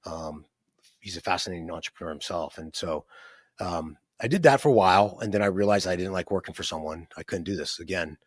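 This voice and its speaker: A man's voice: low voice, brisk, dry recording. A man in his fifties, an entrepreneur guest, telling his life story in a rambling, conversational way with many fillers and tag questions. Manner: rambling, many fillers and restarts, frequent "right?".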